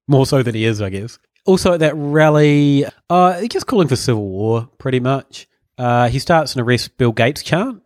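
A male podcast host spins long, rambling stories in easygoing banter, laughing at his own tangents. His voice sits at an ordinary pitch, and the sound is dry and close with no room around it. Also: lively intonation, moderate pace, darkish tone, no room sound. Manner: rambling storyteller, chuckling often. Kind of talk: casual comedic chat.

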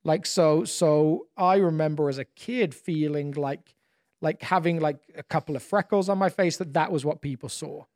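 Higher-voiced man, dry close podcast mic. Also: moderate pace, darkish tone, dry recording. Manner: thoughtful, repeats words when starting sentences. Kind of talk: casual podcast conversation.

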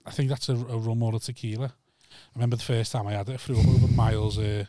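Fast-talking man telling anecdotes. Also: mid-range voice, little pitch movement, dark tone, no echo, studio quality. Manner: rambling anecdotes, swears. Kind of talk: casual chat.

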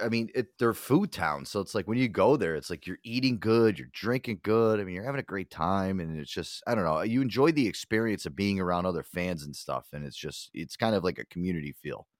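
Casting: low-voiced young male host, very expressive pitch, dry close-mic sound, swears a lot. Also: no room sound. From Connecticut. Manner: animated, swears a lot, acts out other voices. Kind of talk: casual chat.

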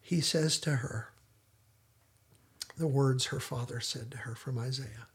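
A man's voice: medium pitch, unhurried, long pauses. A man hosting a casual discussion podcast, retelling scenes in detailed storytelling fashion. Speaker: podcast host.

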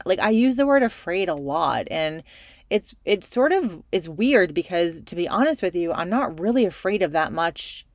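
A woman's voice: fairly low pitch, animated, normal speed, dry recording, studio quality. A woman in her thirties hosting her own podcast, talking in a chatty, rambling, frank and emphatic way. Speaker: podcast host. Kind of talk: solo podcast monologue.

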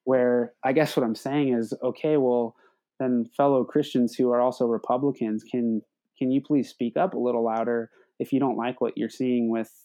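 A young man talks through his thoughts as a podcast guest, his voice warm and mellow. He hesitates often, repeating words and restarting his sentences as he works out what he means. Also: mid-range voice, steady tone, normal speed. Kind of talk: reflective conversational talk.

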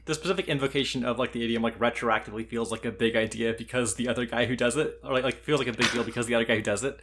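A man talking fast and loose in casual podcast chat. His voice sits in a middle pitch, and he rambles with endless "like"s and casual swearing. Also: steady tone, a bit bright. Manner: rambling, heavy use of "like", swears often. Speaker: podcast co-host.

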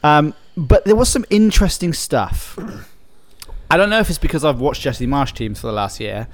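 A man's voice: fairly high pitch, moderate pace, no room sound. A man hosting a casual podcast chat, rambling and self-deprecating. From England. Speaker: podcast host.

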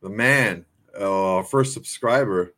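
A man's voice: fairly low pitch, slow, fairly bright tone. A man co-hosting a casual sports podcast, trading crude jokes. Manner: crude, joking banter. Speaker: podcast co-host.

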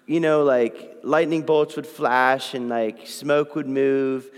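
A preacher putting on an indignant proud commander. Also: male voice, mid-range voice, steady tone, slow, lightly acted. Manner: exasperated casual rant, with "like" and "you know". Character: indignant proud army commander, adult man. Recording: long hall reverb.

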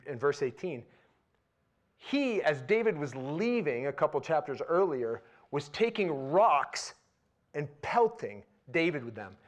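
A man preaching a sermon in a conversational way, turning animated and loud when he retells scenes. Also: fairly high pitch.

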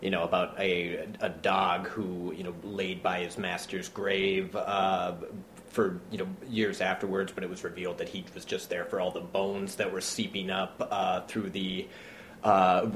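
Male storyteller, lowish voice, casual and rambling, roomy room tone with light hiss. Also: normal speed. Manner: animated anecdote-teller, many fillers, acts out quotes. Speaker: playwright and actor, guest. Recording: roomy with faint background noise.

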